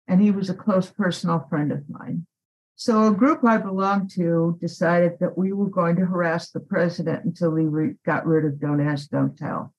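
A woman activist, a guest on an interview podcast, telling a story in an animated, emphatic way. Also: lowish voice, dull audio.

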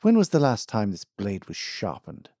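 A man's voice: on the low side, huge pitch swings, moderate pace, warm tone, dry recording, studio quality. A man playing a haughty aristocratic engineer. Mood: formal, commanding. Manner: crisp, formal, commanding. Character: aristocratic male engineer, commanding, disdainful.

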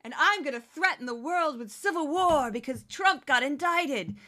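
Brief: woman mocking a defiant female politician, snappish, a bit higher. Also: lively intonation, moderate pace, bright, forceful tone.

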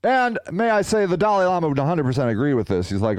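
A man's voice: a little high, fast, hardly any pauses, dry recording. A man hosting a podcast, telling rambling, playful stories in casual solo chat. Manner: animated, rambling, playful storytelling. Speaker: podcast host.

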